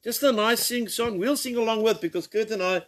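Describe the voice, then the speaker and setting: A man's voice: high-pitched, a little fast, fairly bright tone. A man hosting a joking live show, teasing his guests and laughing often. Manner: teasing, banters and laughs a lot. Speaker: host. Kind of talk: joking live-stream chat.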